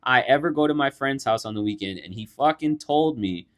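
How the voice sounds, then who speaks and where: A man's voice: mid-range voice, brisk. A young man co-hosts a casual podcast and tells a story with lots of energy. He swears freely and acts out what other people said as he goes. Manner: animated, swears a lot, acts out quotes. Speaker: podcast co-host.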